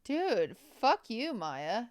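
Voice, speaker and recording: A woman's voice: on the high side, sing-song, drawn-out words, dry recording. A woman streamer chatting casually and jokingly with her live chat, thanking subscribers as she goes.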